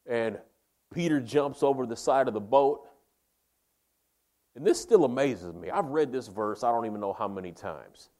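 A man preaching a sermon, folksy and emphatic, calling his listeners "man" and "baby", swinging between loud emphasis and quiet, slow lines. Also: mid-range voice, expressive.

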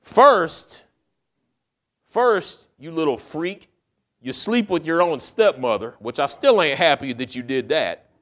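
An exasperated old father tears into his foolish grown son, drawling and indignant, as a preacher puts him on. The voice sits high and loud, and the scolding runs hot. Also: lively intonation, slow pace.

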